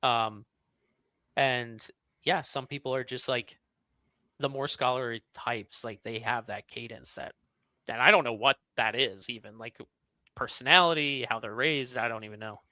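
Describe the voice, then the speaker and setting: A man chatting as a podcast guest, agreeable and quick to laugh. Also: medium pitch, no room sound. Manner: animated, agreeable, laughs often. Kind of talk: casual podcast chat.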